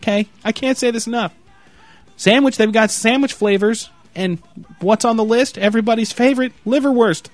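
A man's voice: extremely high pitch, normal speed, no room sound, faint music behind. A man in a profane, comedic rant, reading a list aloud with mock announcer delivery and repeating "okay?" in disbelief. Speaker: vlogger reacting to a product website.

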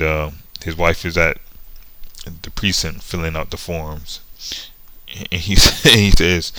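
A man's voice: low-pitched, bright, forceful tone, no echo, rough recording. A man casually retelling a comic book story, sarcastic and often breaking into laughter. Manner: sarcastic, laughing between lines.

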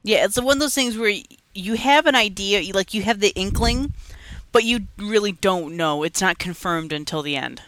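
A woman co-hosting a casual podcast, chatty and teasing, with quick reactions. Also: medium pitch, expressive, fairly bright tone, no room sound. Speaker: podcast co-host. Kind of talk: casual chat.

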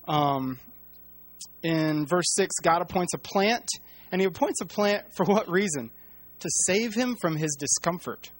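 Higher-voiced man teaching the Bible, halting. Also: dry recording. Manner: halting, many fillers and restarts.

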